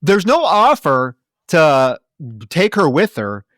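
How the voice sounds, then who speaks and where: Animated man recapping a plot. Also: on the high side, takes it slowly, no room sound, studio quality. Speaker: podcast co-host. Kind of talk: casual movie-review chat.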